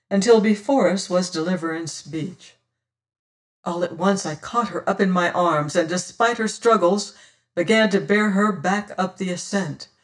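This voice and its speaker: The narrator's mid-pitched voice comes from a distant mic, giving it a set-back sound. It's a dramatic first-person audiobook reading that grows loud on exclamations and falls hushed in the quieter moments.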